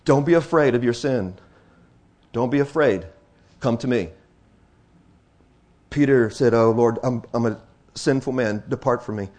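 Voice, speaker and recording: A man on the high side of the pitch range preaches to his congregation, his sermon dipping into slow, hushed passages and climbing to loud, excited exclamations. Repeated phrases add emphasis.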